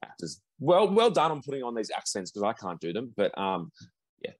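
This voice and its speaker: A man's voice: mid-range voice, big pitch swings, fairly quick, no echo, poor audio. A man who talks as a guest commentator on a casual podcast, rambling with many restarts and repeated agreement. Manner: rambling, lots of restarts and "yeah yeah". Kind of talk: casual chat.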